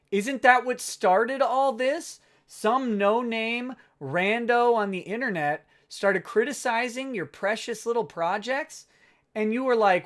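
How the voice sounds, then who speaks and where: Man, livestream host, casual chat, sarcastic, laughs a lot, slow unhurried delivery. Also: high voice, a bit bright. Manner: sarcastic, laughs often, self-mocking.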